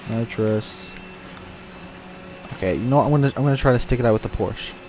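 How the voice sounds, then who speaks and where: A young man with a brisk, slightly mellow mid-range voice commentates on his own racing game play. Frustrated, he curses and grumbles at the cars and talks to the game, while game music and car sounds fill the background.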